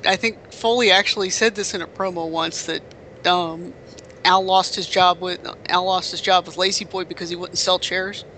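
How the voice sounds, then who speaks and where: A man's voice: high-pitched, steady tone, normal speed, sharp tone, slight background noise. A man co-hosting a casual podcast, telling stories in a rambling way with frequent restarts and fillers. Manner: rambling, self-correcting storyteller. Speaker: podcast co-host. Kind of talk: casual chat.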